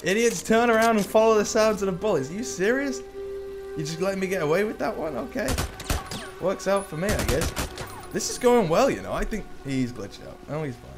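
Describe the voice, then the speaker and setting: A young man giving excitable live gameplay commentary, often breaking into shouts and laughter. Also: high-pitched, fairly quick. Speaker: gaming YouTuber. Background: loud game music and gunfire.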